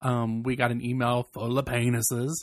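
A man from Virginia co-hosting a podcast, giggly and gossipy, slipping into high mocking voices. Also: completely flat delivery, normal speed, no echo, clean studio sound. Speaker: podcast co-host. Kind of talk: casual podcast chat.

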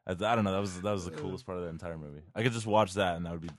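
A man's voice: low voice, fairly even intonation, very fast, no echo. A man co-hosting a podcast, talking in crude, profane casual banter and laughing often. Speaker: podcast co-host.

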